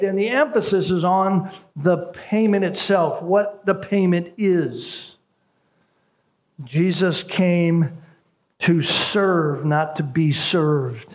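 A pastor with a high-sitting voice preaches a sermon, emphatically explaining a word by repeating key phrases and asking his listeners "right?" The highs in the audio are cut off.

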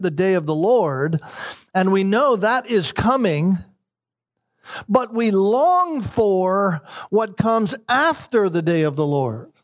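A man preaching a sermon in a high voice. He is emphatic and repeats his key lines. His pitch climbs even higher when he stresses a point. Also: muffled recording. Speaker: pastor.

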